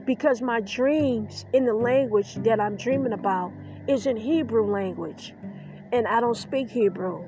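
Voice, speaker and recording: Emotional woman podcaster over music. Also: fairly high pitch. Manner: choked up, defiant, emphatic. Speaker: podcast host. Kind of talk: emotional personal monologue.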